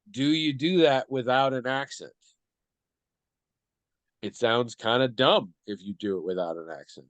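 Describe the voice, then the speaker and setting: A man co-hosting a podcast, talking through a question in a thoughtful, measured way. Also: mid-range voice, lively intonation, dry recording. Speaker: podcast co-host. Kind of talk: casual discussion.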